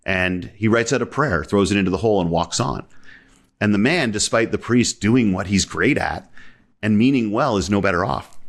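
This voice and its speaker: Male guest speaker, very deep voice, reflective storyteller, casual interview tone. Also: a bit bright.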